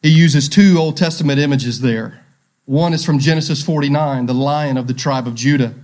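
A man's voice: fairly high pitch, normal speed, darkish tone. A male pastor preaching a sermon, asking rhetorical questions and repeating key phrases.

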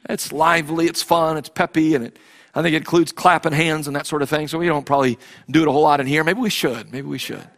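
A man with a fairly high voice delivers a heartfelt sermon from the pulpit. He presses his congregation with repeated rhetorical questions and restarts his phrases as he goes. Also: fairly even intonation, fast, vocal fry. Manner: impassioned, repetitive, with frequent restarts and rhetorical questions. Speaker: pastor.

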